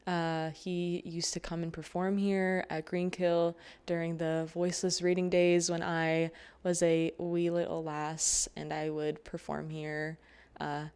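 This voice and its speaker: Slow, smooth-voiced woman hosting. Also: on the low side, flat delivery, darkish tone. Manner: halting, many fillers and restarts. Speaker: open mic host. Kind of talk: casual stage introduction and poetry reading.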